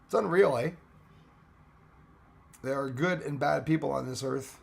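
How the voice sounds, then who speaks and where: A man hosting a casual live stream chat, hoarse and losing his voice, greeting viewers by name. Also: medium pitch, steady tone, measured pace, slight background noise.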